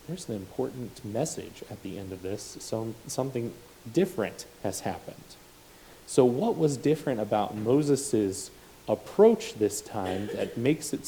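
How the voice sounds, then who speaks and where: A man's voice: fairly low pitch, mellow, slight background noise, rough recording. A man preaching a sermon, reading scripture and explaining it with casual asides and self-corrections.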